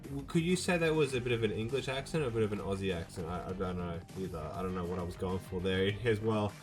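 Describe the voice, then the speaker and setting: Young man, lowish voice, casual gaming chat, lots of ums, faint music behind. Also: quick pace. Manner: rambling, with many fillers and restarts. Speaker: gaming video host.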